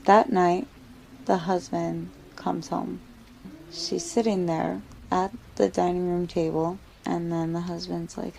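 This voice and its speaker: Woman storyteller, casual and rambling, mellow gravelly voice. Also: on the low side, level tone, takes it slowly, a little hiss or hum, rough recording. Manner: casual, filler-heavy narration.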